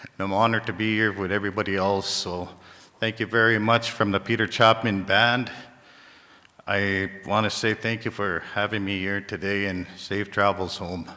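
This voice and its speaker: A man from Saskatchewan, a First Nations community leader, gives a halting, heartfelt ceremony speech, often repeating phrases. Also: lowish voice, flat delivery, sharp tone. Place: large gymnasium. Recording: echoey gymnasium reverb.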